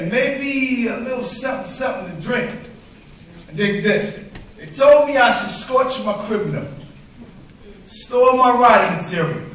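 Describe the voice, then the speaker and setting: High-voiced man performing spoken word poetry. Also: a bit bright. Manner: rhythmic, emphatic poetic delivery. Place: live open mic venue. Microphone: stage microphone. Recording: very echoey room from far off, faint noise.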